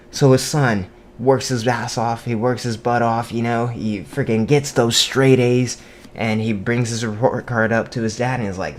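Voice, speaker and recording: A man's voice: mid-range voice, fairly even intonation, normal speed, slight background noise. A young man telling a long shaggy-dog joke in a casual, profane, rambling way, full of fillers and laughing at his own lines. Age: young adult. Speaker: joke teller.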